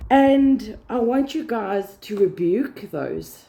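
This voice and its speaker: Woman doing a casual faith talk, mellow warm tone, earnest, repeats words for emphasis. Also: medium pitch, animated, slow pace, creaky, few pauses. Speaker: Christian vlogger.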